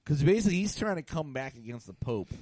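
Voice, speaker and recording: Male podcast co-host, warm mid voice, dry room, easy laughs. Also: a little high, big pitch swings, fast talker, no echo. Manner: laughs easily, explains the news. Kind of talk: casual comedy podcast chat.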